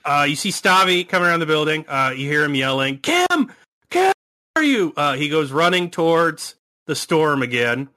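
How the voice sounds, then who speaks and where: Bright-voiced male game master. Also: on the high side, brisk. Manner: rambling, hesitant descriptions with many fillers. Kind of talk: narrating a tabletop horror game.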